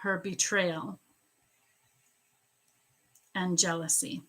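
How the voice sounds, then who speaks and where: Psychic lady doing a live reading, talks slow, kinda bright voice, chatty and animated. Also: fairly low pitch, rough recording. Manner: chatty and animated, laughs often. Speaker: psychic medium. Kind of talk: live-stream reading, casual chat.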